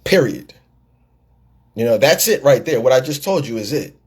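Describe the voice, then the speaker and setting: A man's voice: mid-range voice, lively intonation, moderate pace, slightly rough. A middle-aged man, a podcast host and life coach, delivering a live-taped monologue in a preachy storytelling way, repeating words and acting out the people he quotes.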